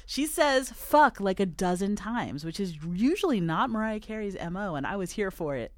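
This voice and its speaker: A woman's voice: medium pitch, expressive, brisk, dry recording. A woman hosting a podcast in casual chat, gushing and playful with lots of slang. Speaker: podcast host.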